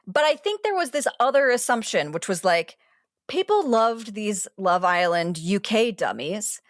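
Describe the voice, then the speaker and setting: A woman, a TV critic and podcast co-host, explaining a show in animated casual chat, full of asides and restarts. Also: mid-range voice, unhurried, no echo, clean studio sound.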